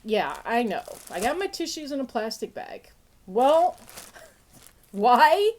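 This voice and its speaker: A woman hosts a podcast in a fairly high, sniffly voice, chatting casually and playfully. She bursts into laughter often, and her pitch jumps sharply when she gets excited.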